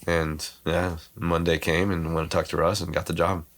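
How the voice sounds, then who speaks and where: This podcast guest has a deep, level voice. His storytelling is casual and slangy, packed with fillers, and he keeps acting out other people's words in quick little reenactments.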